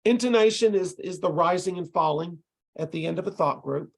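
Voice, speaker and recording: Guy lecturing tutors over a video call, kinda gravelly and husky, explains things patiently. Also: high-pitched, a little fast. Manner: explanatory, demonstrates rhythm by chanting syllables. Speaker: ESL instructor training tutors. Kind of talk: online lecture.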